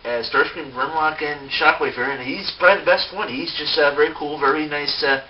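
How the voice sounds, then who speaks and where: A man's voice: fairly high pitch, a little fast. A man giving a casual, unscripted toy review, rambling with lots of fillers and self-mocking asides. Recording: distant mic, dull sound, faint hiss.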